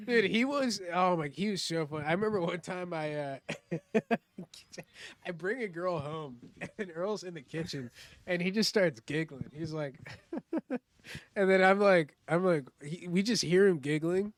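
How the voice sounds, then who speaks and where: A man's voice: high voice, a little slow, no echo. Laughing young man telling stories. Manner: laughs often, heavy swearing. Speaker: comedian guest. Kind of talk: casual storytelling chat. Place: studio.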